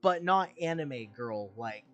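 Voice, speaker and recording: A man's voice: a little high, moderate pace, dull audio, faint music behind. Rambling, candid young male streamer. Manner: rambling, candid, with frequent fillers and swearing. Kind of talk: casual gameplay commentary.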